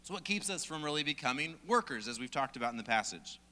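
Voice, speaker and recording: A male preacher talks in a conversational way, with a light joking touch. His voice is very bright and a little high. It is heard with the long reverb of a hall. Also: very animated, fast talker. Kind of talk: sermon.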